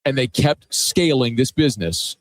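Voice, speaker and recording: A man's voice: mid-range voice, expressive, normal speed. A man hosting sports radio, giving earnest, enthusiastic opinions in casual talk. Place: radio row booth at a big game.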